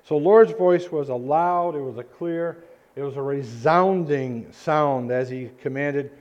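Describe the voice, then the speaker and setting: A man's voice: a little high, a little mellow. Guy preaching in church, earnest, stumbles and restarts a lot, kinda muffled recording. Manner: earnest, halting, with many restarts and fillers. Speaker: pastor. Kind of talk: sermon. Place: church sanctuary.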